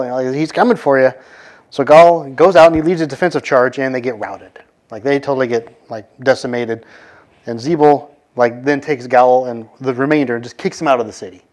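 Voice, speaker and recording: A man retelling an old scripture story in a loose, conversational way, full of fillers and quick voiced quotes of the characters. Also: medium pitch, a little mellow. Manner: conversational, many fillers, acts out quoted lines. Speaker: bible teacher. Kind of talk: casual storytelling of a scripture passage.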